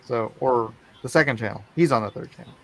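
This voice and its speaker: A man's voice: mid-range voice, quick pace, fairly bright tone, a little hiss or hum. A man hosting a casual live stream, chatting and reading out viewer comments. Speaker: livestream host.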